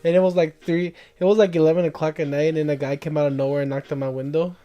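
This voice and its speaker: A man's voice: fairly high pitch, little pitch movement, fast talker, dark tone, muffled recording. A young man casually telling a long, rambling story to friends, laughing as he goes.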